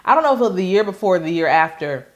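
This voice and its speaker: Woman, vlogger, casual storytelling, lively, slightly low pitch. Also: racing. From Maryland, USA. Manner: lively, acts out quoted voices in stories. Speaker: vlogger and host.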